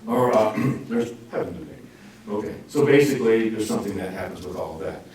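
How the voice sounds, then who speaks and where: A man giving an informal Bible class, joking and acting out quotes in lively swings of voice. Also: fairly quick. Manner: jokey, animated, acts out quotes with lively pitch swings. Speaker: Bible teacher. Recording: roomy echo, speaker far from mic, faint noise.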